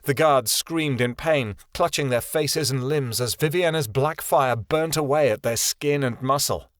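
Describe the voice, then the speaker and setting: A man narrating a fantasy audiobook in a steady, even storytelling voice. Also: mid-range voice, a little slow, dry recording, clean studio sound. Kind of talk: scripted narration.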